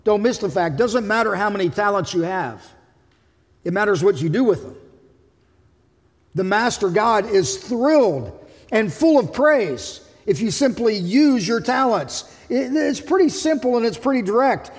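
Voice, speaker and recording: A man's voice: sits high, lively intonation, measured pace, long reverb tail. A man preaching a sermon as pastor, emphatic, voicing the figures of the passage he reads.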